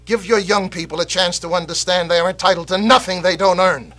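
An actor playing a fiery male patriot orator, delivering an impassioned scripted speech that swings from loud rallying cries to hushed warnings. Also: high voice, steady tone, a little fast. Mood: rousing. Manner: rousing, declamatory, swings from shouting to hushed. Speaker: actor in a political video.

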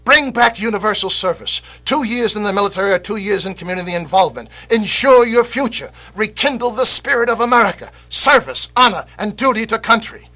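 Man acting as a fiery patriot orator, commanding, declamatory, high-pitched, bright. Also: brisk, hardly any pauses. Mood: rousing. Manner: rousing, declamatory, swings from shouting to hushed. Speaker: actor in a political video. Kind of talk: impassioned scripted oration.

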